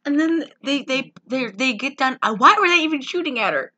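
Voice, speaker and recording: Bright-voiced woman recapping a film. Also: high-pitched, a little fast, slightly rough. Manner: animated storytelling, flat deadpan when quoting characters. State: says she feels sick. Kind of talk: casual chat.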